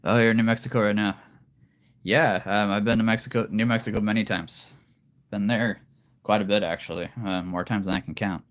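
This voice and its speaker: A man's voice: lowish voice, fairly even intonation, brisk. A middle-aged man hosting a live stream, chatting casually and answering viewers directly. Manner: friendly, chatty, talking straight to viewers.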